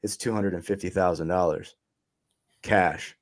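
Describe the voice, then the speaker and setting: A man's voice: low voice, steady tone, measured pace. A man telling his story as an interview guest in casual chat, loose and profane, trailing off with ums and short laughs.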